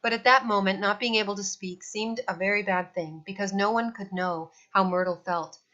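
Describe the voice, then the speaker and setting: In a slightly dull recording, a woman with a medium-pitched voice narrates a children's novel at a moderate pace. Her delivery is expressive, like a storyteller's.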